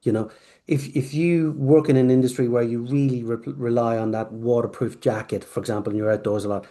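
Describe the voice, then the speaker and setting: A company founder appearing as a podcast guest tells a long story in a mid-range voice, speaking a little fast. He rambles animatedly from one point to the next, acting out quoted bits of conversation, with many restarts and asides.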